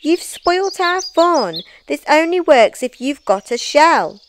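A woman voicing a group of excitable, bossy snails with high, loud, squealing voices. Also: takes it slowly, slight background noise, exaggerated voice. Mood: scolding.

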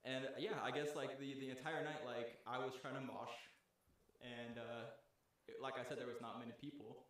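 A young podcast host tells a long story among friends, rambling with lots of fillers and swearing. His mid-range voice has fairly even intonation, a moderate pace, and a slightly bright tone. The room is very echoey.

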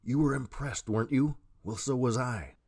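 A man voicing a sly, secretive male sailor who speaks in a quick, husky, hushed whisper, in a storybook reading. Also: mid-range voice. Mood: furtive.

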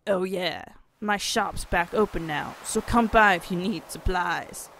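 A woman voicing a salty male fisherman sailor in a lowered, drawling voice. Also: a little slow, noisy background. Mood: hearty.

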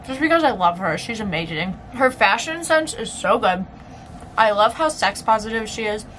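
A woman's voice: a little high, expressive, normal speed, fairly bright tone, slight background noise, rough recording. Chatty young woman vlogging. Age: young adult. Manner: chatty, lots of filler words and laughs. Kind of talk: casual chat.

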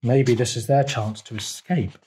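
A man reading his picture book aloud for children's storytime, lively and asking the listeners questions. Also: medium pitch, measured pace, slight background noise.

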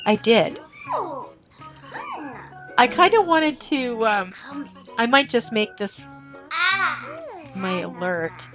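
A woman's voice: a little high, animated, takes it slowly, pauses often. A woman streaming a game live, gushing and talking to her game characters as she plays. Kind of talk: live-streamed gameplay commentary. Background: game music.

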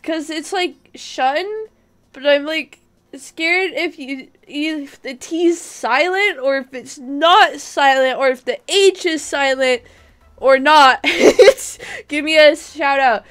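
A young woman streams a game with a high voice and an unhurried pace. She chats casually and giggles a lot, breaking into excited squeals. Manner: giggly, excitable, frequent bursts of laughter and squeals. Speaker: gaming live streamer. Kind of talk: casual live-stream chatter.

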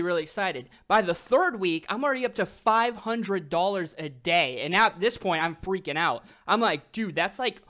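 A young man coaching viewers in a casual, motivational talk, often saying "dude" and "okay" and growing excited as he goes. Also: sits high, muffled recording. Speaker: online business coach.

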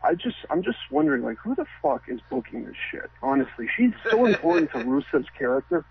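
A man's voice: fairly high pitch, sing-song, fast, a crowd in the background. A man calling into a radio show, ranting with plenty of profanity. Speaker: caller. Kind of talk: ranting call-in. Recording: tinny phone line.

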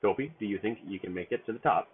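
A man's voice: lowish voice, fast talker, slight background noise, close to an everyday voice. Doc, a man reading an old dwarf leader. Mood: directing. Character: elderly male dwarf leader, organizing. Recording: tinny phone-like line.

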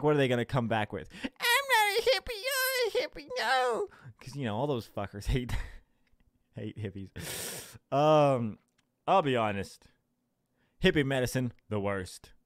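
A young man hosts his own podcast from a home setup, delivering a casual solo rant full of swearing, sarcasm and laughter. His voice sits at medium pitch, and the recording is dry and studio-clean. He mocks people in put-on voices and laughs mid-sentence.

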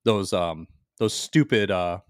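A man co-hosting a podcast, telling rambling, animated anecdotes in casual chat. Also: deep voice, slow pace, no room sound, studio quality. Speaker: podcast co-host.

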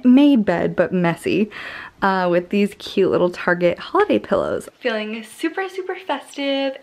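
A woman's voice: medium pitch, creaky. A young woman vlogging in a bubbly, gushing way, talking to a handheld camera at home and while out shopping. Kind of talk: casual vlog narration. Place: stores and at home.

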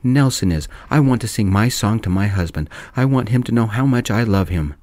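A man voicing a spoiled, drunk young bride who whines and yells petulantly, in a soft-spoken storybook reading. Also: lowish voice, expressive, fairly quick, no echo, pitched above the performer's own voice, close to an everyday voice. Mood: whiny. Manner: whining and yelling, petulant.

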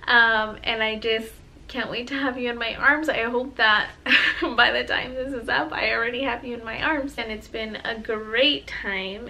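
A woman's voice: fairly high pitch, flat delivery, measured pace, bright, forceful tone, slight background noise, rough recording. A young pregnant woman talking to her viewers in a casual home vlog, gushing and emotional, close to tears. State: heavily pregnant. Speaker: vlogger. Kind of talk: casual vlog talk to camera.

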